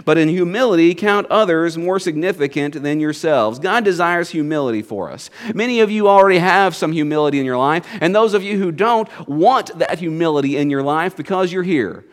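A man's voice: fairly high pitch, expressive, a little fast, few pauses. A man preaching a sermon to his congregation in a folksy storytelling manner, with jokes and asides. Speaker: pastor.

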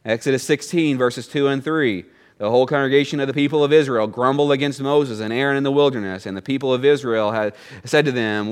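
Conversational preacher with a swinging voice. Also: male voice, expressive, fairly quick, a bit bright. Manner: conversational preaching, often rises in pitch and volume for emphasis; reads scripture, then voices grumbling people in a higher tone. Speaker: pastor. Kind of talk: sermon. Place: church.

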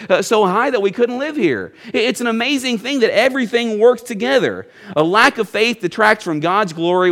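A man preaching a sermon in a church, talking conversationally, often checking in with the congregation and dropping into soft low asides. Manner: conversational preaching, asks the congregation "you see?".

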